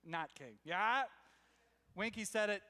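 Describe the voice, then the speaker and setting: A man preaching a sermon, telling stories animatedly with quick restarts and chuckles. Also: high-pitched, animated, sharp tone, clean tone, in a large hall. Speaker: pastor.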